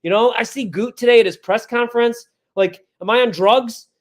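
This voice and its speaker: A man's voice: very high-pitched, normal speed. A man co-hosting sports talk radio, ranting in a fired-up, exasperated way. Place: radio studio.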